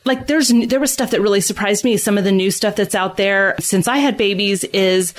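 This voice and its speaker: A middle-aged woman, a guest author, chatting in a casual podcast interview, animated and full of fillers. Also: medium pitch, normal speed. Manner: chatty and animated, many fillers, laughs easily. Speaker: guest author of a parenting book.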